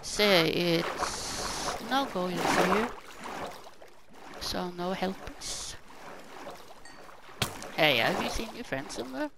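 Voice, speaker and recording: A woman's voice: fairly low pitch, animated, slow, gravelly, long pauses, heavy background noise. A woman hosting casual gameplay commentary, chatty and exclaiming, talking back to the characters on her screen. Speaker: gaming channel host.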